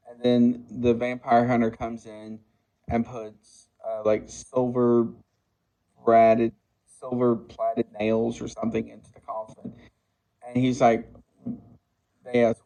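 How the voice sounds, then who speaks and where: A man in his sixties casually recapping a movie plot, halting often with fillers and restarts. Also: medium pitch, little pitch movement, vocal fry, warm tone, rough recording. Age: 60s. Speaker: movie reviewer.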